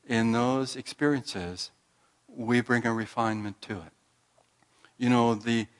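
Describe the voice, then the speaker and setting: A man giving a sermon in a slow, reflective manner, with frequent pauses and restarts. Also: mid-range voice.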